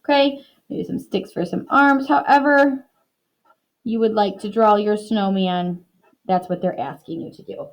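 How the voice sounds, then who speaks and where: A young woman teaching a reading lesson to young children in an upbeat, encouraging way, slowing down to model words clearly. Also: mid-range voice, low-quality recording.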